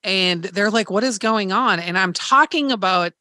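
A woman's voice: mid-range voice, normal speed, bright, forceful tone, no room sound, clean studio sound. A woman hosting a podcast, candidly retelling a hard experience in casual chat, swearing freely and acting out quoted dialogue. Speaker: podcast host.

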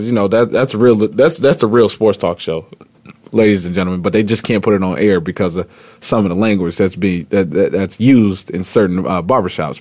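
A man's voice: on the low side, darkish tone, no echo. A man hosting a sports talk radio show, chatting casually and rambling with lots of fillers and restarts. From Indiana.

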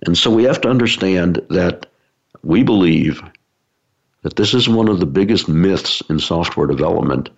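A man's voice: low voice, expressive, moderate pace, vocal fry, husky. A man giving an explanatory talk to a business audience, using everyday analogies with frequent fillers. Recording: dull lo-fi recording.

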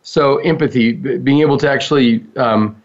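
A man co-hosting a relaxed podcast, steering the talk with questions and short prompts, now and then chuckling. His mid-range voice comes through dull, lo-fi podcast audio. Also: mid-range voice, normal speed. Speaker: podcast co-host. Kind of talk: casual conversational podcast. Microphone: studio microphone on a table.

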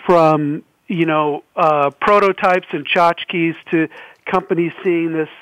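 A man's voice: a little high, steady tone, slow pace, fairly bright tone, clean tone, no echo, rough recording. A man speaking earnestly as a panel guest. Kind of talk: panel discussion answer.

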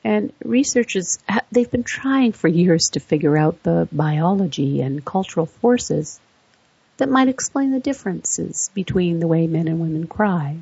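A woman speaks in a low, gravelly, husky voice as she narrates a voice-over. She walks through facts one by one at an unhurried, measured pace. The recording is dull and lo-fi, with no room sound. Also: animated, a little mellow, no echo. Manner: measured, explaining research facts point by point.

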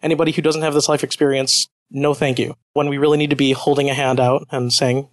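A man speaking as a panelist in a casual live discussion, animated with quick asides. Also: mid-range voice, no echo. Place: live event with audience.

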